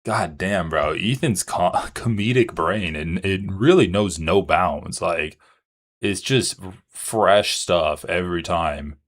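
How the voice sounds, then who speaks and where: Low-pitched male streamer, sarcastic and incredulous, casual commentary. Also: slow. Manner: incredulous, sarcastic, swears freely. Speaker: streamer reacting to a podcast clip.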